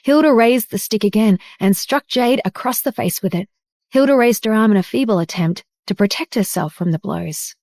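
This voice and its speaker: A woman reading a romance audiobook in steady scripted narration. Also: fairly high pitch, moderate pace, no room sound, clean studio sound.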